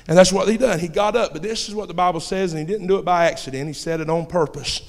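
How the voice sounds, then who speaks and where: High-voiced preacher in a reverberant hall. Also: male voice, quick pace, few pauses. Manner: impassioned, rising to shouts. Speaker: pastor. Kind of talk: sermon.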